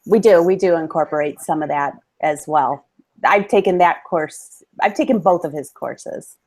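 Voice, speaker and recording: A woman guest in a casual interview, enthusiastic and friendly with quick asides. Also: deep voice, a little mellow. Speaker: guest, book promotion company owner.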